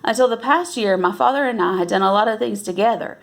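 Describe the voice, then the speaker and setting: A woman's voice: medium pitch, vocal fry. Woman reading a novel aloud. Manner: unhurried, with self-corrections and restarts. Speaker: reader.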